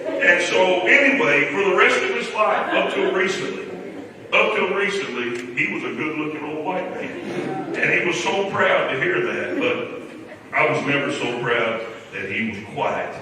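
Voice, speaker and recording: A man's voice: fairly high pitch, very animated, normal speed, background noise. A man giving a funeral eulogy in a folksy, humorous storytelling way. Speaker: eulogy speaker. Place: large church hall. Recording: echoey hall from far off.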